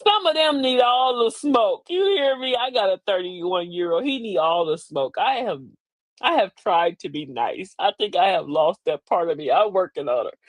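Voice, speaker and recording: A woman's voice: mid-range voice, expressive, normal speed, no echo. A middle-aged woman hosting a live motivational talk, folksy and preachy, with emphatic delivery. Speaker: host.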